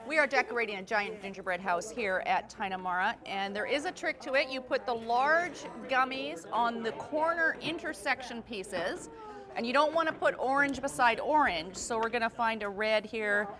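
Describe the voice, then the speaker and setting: A woman hosting a local lifestyle TV show on location, upbeat and chatty. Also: a little high. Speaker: TV host.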